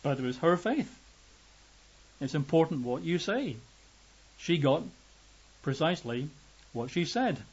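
A man preaches a conversational sermon, reading scripture and acting out each quoted voice. His voice sits fairly high and sounds a little husky. The recording is dull and lo-fi. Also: very animated, measured pace, long pauses, a little mellow. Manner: conversational, acts out quoted voices with rising pitch.

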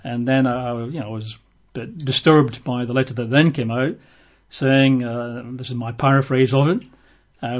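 Male preacher, conversational sermon delivery, mid pitch, muffled lo-fi audio. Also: fairly even intonation, moderate pace. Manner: conversational, acts out quoted voices. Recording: dull lo-fi recording.

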